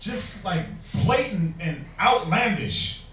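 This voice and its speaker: A man's voice: on the high side, big pitch swings, moderate pace, fairly bright tone, a little hiss or hum. A man teaching a Bible class, preaching emphatically with rhetorical questions and mocking quotes. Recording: echoey room, mic far off.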